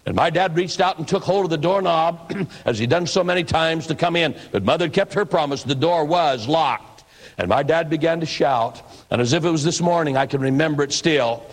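A man's voice: a little high, fairly quick. A man preaching in a reflective, conversational storytelling manner. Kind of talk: storytelling sermon.

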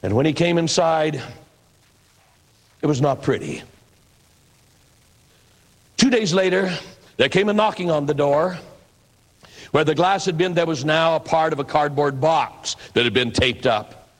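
A man's voice: on the high side, unhurried, pauses often. Man telling a reflective sermon story.

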